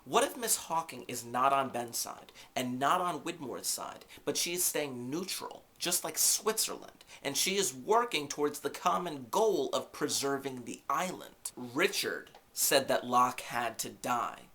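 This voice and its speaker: A man hosting a podcast, giving a casual recap of a TV episode with lively, jokey asides and rhetorical questions. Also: medium pitch, a little slow, few pauses. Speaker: podcast host.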